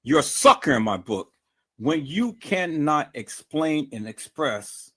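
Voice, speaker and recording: A man's voice: fairly high pitch, sing-song, slow pace, sharp tone, breathy edge. Furious profane man ranting on a livestream. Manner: profane, combative, repetitive stammering restarts. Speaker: livestream host. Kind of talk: angry livestream rant. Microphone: streaming mic.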